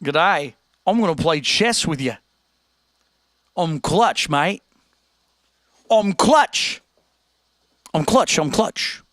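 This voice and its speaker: A man's voice: a little high, lively intonation, drawn-out words, long pauses, a bit bright, no room sound, clean studio sound, full character voice. A man voicing a boastful Australian teenage boy, attempting an Australian accent and repeating his brags. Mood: cocky. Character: cocky Australian teen boy chess player.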